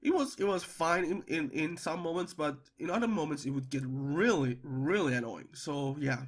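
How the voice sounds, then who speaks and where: A young man talks through his opinions on a film in a loose, unscripted way. He stumbles and repeats words often, filling gaps with "uh". His fairly high voice leaps upward whenever he wants to stress a point. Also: normal speed. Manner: hesitant, lots of stammered repeats and fillers; animated, pitch jumping up when emphatic. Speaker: movie reviewer. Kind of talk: casual spoken movie review.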